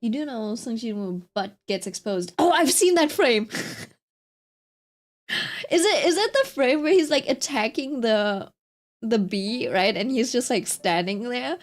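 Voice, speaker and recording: Young woman streamer, kinda high voice, rambly and giggly, lots of likes and ums, faint music behind. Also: animated, measured pace. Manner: rambling, giggly storyteller with many fillers. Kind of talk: casual stream chat.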